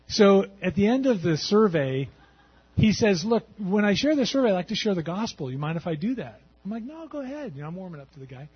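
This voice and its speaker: Husky-voiced man sharing his testimony. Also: fairly high pitch. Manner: conversational, halting with fillers and restarts. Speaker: Christian testimony speaker. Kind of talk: personal testimony. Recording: dull lo-fi sound.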